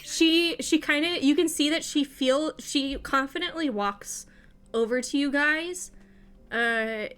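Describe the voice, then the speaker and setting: A woman's voice: high voice, slow pace, a bit bright. A woman game master casually narrating a tabletop game, swearing and using lots of fillers.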